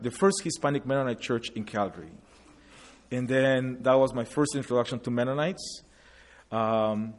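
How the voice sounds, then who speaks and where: A medium-pitched man from Guatemala, in his forties and a native Spanish speaker, gives a reflective, earnest account of his migration in a hall. He uses slides for this personal testimony. The recording carries a long hall reverb.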